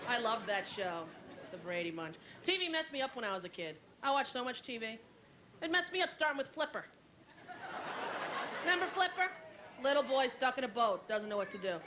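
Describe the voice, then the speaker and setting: Fast-talking New comedian woman. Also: on the high side, crowd noise. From New York. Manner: quick, animated storytelling with squealed character voices. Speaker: stand-up comedian. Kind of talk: stand-up comedy set. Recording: live show with noisy room ambience.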